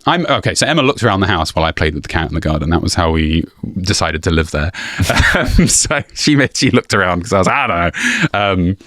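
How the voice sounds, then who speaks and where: A man with a fairly low voice that swings widely in pitch, chatting as a podcast guest. He tells stories with plenty of laughter, animated and relaxed. The sound is close and dry. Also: quick pace, hardly any pauses, no room sound. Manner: laughs often, animated storytelling. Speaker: YouTuber guest. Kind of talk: casual interview chat.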